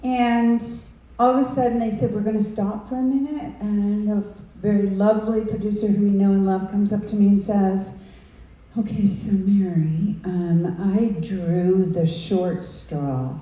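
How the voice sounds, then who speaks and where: Older lady on a convention panel spilling a story, mellow voice, big echoey hall. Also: mid-range voice, unhurried, recorded from a distance. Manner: animated, acts out quotes in changing voices. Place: large convention room.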